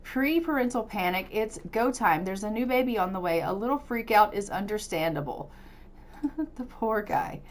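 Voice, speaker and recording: A woman's voice: medium pitch, lively intonation, normal speed. Chatty woman narrating her life-sim game. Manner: chatty, upbeat, narrates what she does in the game. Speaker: let's-play host. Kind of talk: casual gameplay commentary.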